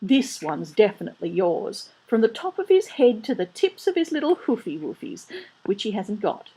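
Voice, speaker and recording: A woman's voice: mid-range voice, sing-song, dark tone, breathy edge, rough recording. A woman voicing a chattering, flustered middle-aged nun who is eager to please. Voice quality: prattling, hurried.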